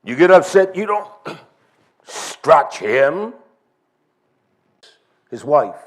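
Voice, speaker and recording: Male preacher, higher voice, slow emphatic delivery with big swings in pitch. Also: sing-song. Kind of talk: sermon.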